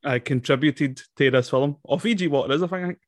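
A man co-hosting a casual film review podcast, excitable and laughing a lot. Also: fairly high pitch, fast talker, dry recording, clean studio sound. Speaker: podcast co-host.

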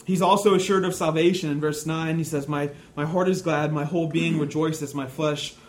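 A man with a slightly higher voice delivering a sermon as a pastor. He speaks with slow, deliberate emphasis and repeats his key phrases. A faint noise sits under the recording. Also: fairly even intonation.

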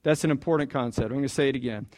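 A man's voice: medium pitch, very fast, darkish tone. A man preaching a sermon in a conversational way, asking the congregation questions and repeating key points. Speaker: pastor.

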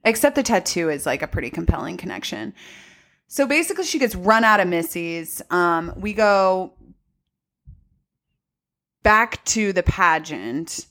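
A woman's voice: fairly low pitch, expressive, measured pace, long pauses, fairly bright tone. A woman co-hosting a podcast, recapping a movie in casual, sarcastic, profane chat. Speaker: podcast co-host.

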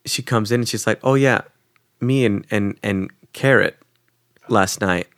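A young man tells a story on a podcast in an easy, loose way, full of "like" and casual swearing. His voice sits a bit low, and it jumps up sharply whenever he acts out someone else. The recording is close and dry. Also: a little slow, dry recording. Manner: animated, acts out quoted people with jumps in pitch. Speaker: podcast co-host.

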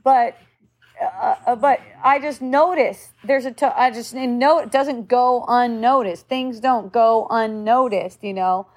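Middle-aged woman, kinda high voice, chatty spiritual teacher type, musing out loud. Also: slow pace. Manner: musing, conversational, acts out quoted voices. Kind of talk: casual spiritual talk.

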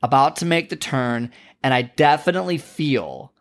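Male podcast host, casual monologue, filler-heavy and rambling, self-deprecating, mid-pitched. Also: normal speed. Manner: rambling and chatty, heavy with "like" and "you know".

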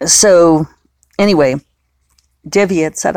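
A woman's voice: lowish voice, animated, measured pace, dry recording. A woman novelist chatting casually on her own, rambling and often correcting herself. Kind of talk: casual solo podcast chat.

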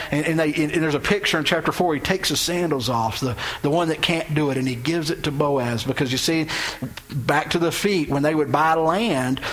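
High-voiced preacher telling a story. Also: male voice, low-quality recording. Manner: animated storytelling, acts out quoted lines with pitch swings. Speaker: pastor. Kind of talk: sermon.

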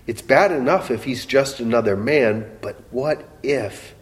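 A man preaching a sermon, slow and dramatic, voicing the questions of onlookers with rising emotion. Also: mid-range voice. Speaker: pastor. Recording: long reverb of a large hall.

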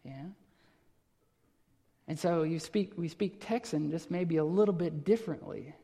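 A man's voice: fairly high pitch, a little slow, creaky, dark tone. A man from Wisconsin with a Wisconsin accent, preaching an expository sermon; he explains patiently, repeats phrases and builds to emphatic lists. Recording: long reverb of a large hall.

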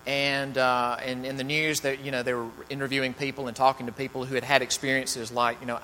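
A man's voice: medium pitch, level tone, fairly quick, hardly any pauses, pushed and bright. A man preaching a sermon, reading scripture with rising emphasis, then praying and talking loosely with fillers. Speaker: pastor. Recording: long hall reverb, faint mains hum.

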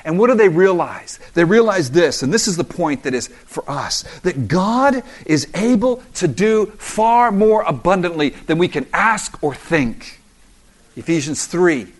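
A man preaching a sermon as pastor, animated and acting out the voices of the story. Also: high-pitched, measured pace. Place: church in South Florida.

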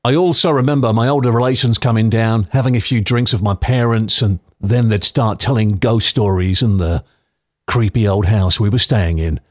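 With a lowish voice at a moderate pace, a podcast host from London in his fifties recounts personal stories. His manner is chatty and nostalgic, dotted with light laughs, and the studio recording is clean with no room sound.

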